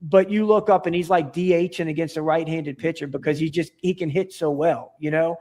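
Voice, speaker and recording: A man's voice: a little high, steady tone, a little fast, dark tone. A man talking as a podcast guest in casual chat, rambling and enthusiastic, with many restarts and fillers.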